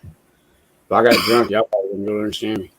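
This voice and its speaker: A man's voice: lowish voice, level tone, fast, a bit bright, slightly rough, no echo, poor audio. A man from the American South with a Southern accent, chatting in a laid-back way and swearing often. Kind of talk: casual chat.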